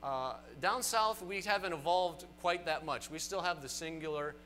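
Animated Southern preacher, bright voice. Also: male voice, a little high, normal speed, slight background noise. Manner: animated, rising to emphatic peaks, folksy asides. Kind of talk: sermon. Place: church sanctuary.

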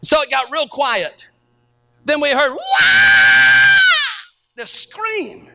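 A middle-aged man preaching as a pastor, telling stories to his congregation and rising to shouted peaks. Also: very high voice, very animated, slow, gravelly, a little hiss or hum. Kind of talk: sermon.

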